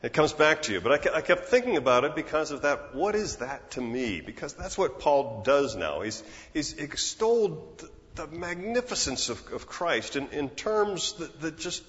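A pastor in his sixties preaches a sermon in an earnest, conversational manner, often restarting his phrases. His voice is a little high and a bit bright, sing-song at a normal speed. The audio is muffled, with long reverb from a large hall.

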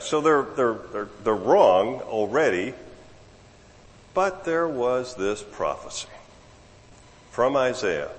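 A man preaching a sermon, emphatic and repetitive, dropping low and then rising sharply for emphasis. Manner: emphatic, repeats words, swings from low murmur to raised voice. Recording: long hall reverb.

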